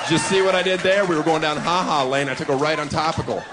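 A man's voice: a little high, fast talker, hardly any pauses. Brash man doing stand-up before a laughing crowd. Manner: brash, provocative, mocking. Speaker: stand-up comedian. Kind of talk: stand-up comedy set. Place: comedy club stage. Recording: live club with crowd laughter and noise.

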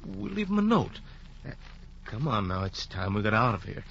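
An actor playing a brisk hospital doctor, kindly and humoring a confused patient. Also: male voice, on the low side, big pitch swings, vocal fry, a bit bright, highs cut off, slight background noise, heavily acted.

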